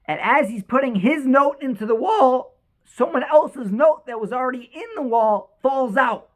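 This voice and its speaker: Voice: high voice, expressive, measured pace. Emotive storyteller telling a faith tale. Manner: emotive, repeats words, many restarts. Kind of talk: inspirational religious storytelling.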